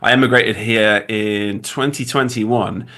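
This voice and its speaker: A man's voice: on the low side, steady tone, unhurried, pushed and bright. A man from the UK in his thirties with a British accent, chatting casually as a guest designer on a livestream, rambling with many restarts.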